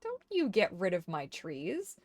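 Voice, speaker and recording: A woman's voice: fairly low pitch, wildly swooping pitch, unhurried, no echo. A woman chatting casually while streaming a game, slipping into doting baby talk to her dog. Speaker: gaming streamer. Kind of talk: casual gameplay chat.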